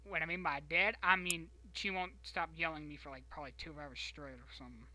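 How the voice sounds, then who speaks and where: A young man chats casually on his stream, his voice very bright and a touch high. He rambles and restarts often, stopping and starting as he talks. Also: fairly even intonation, low-quality recording. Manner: rambling, halting storytelling with many restarts. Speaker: stream host. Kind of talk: casual chat.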